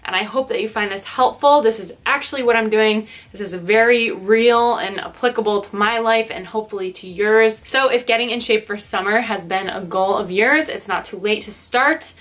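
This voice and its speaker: A woman's voice: medium pitch, moderate pace, few pauses, fairly bright tone. A young woman in her twenties, chatting casually to camera in her bedroom, upbeat with lots of fillers. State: slightly out of breath. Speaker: lifestyle vlogger. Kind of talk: casual vlog talk to camera.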